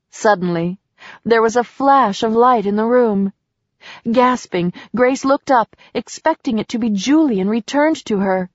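Woman narrator, soft and expressive, slow read, dry dull mic sound. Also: medium pitch, no room sound. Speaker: audiobook narrator. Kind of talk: scripted narration of a romance novel. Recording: slightly dull dry recording.

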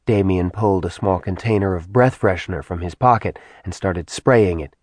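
A male audiobook narrator with a fairly low voice, reading in a measured, even storytelling manner. The recording is dry and close, with no room sound. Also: slightly rough, no echo. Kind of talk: scripted narration.

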